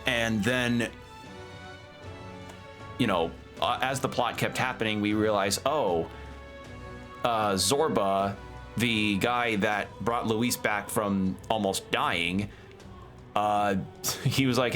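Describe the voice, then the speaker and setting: A man's voice: on the low side, steady tone, takes it slowly, pauses often, a bit bright, faint music behind. A man streaming a video game, chatting casually and rambling through a story recap with a toothpick in his mouth. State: talking around a toothpick. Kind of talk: casual gameplay commentary.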